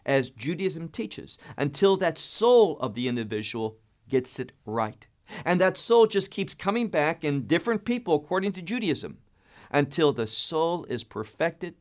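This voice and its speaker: A man leads a Bible study in a slightly high voice that rises and falls a great deal. He stresses key words and often restarts a phrase to press a point home. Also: big pitch swings, a little slow. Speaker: Bible teacher.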